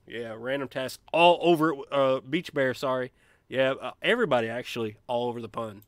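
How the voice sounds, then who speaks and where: A man streaming a college basketball management game, chatting casually and shouting gleeful trash talk when his team wins. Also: mid-range voice, fairly quick, no room sound, studio quality. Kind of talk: let's play commentary.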